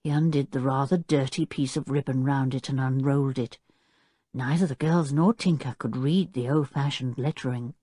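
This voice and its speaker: A woman narrating a children's audiobook in a clear, expressive storytelling manner. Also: rumbling low, moderate pace, no room sound, clean studio sound. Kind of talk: scripted narration.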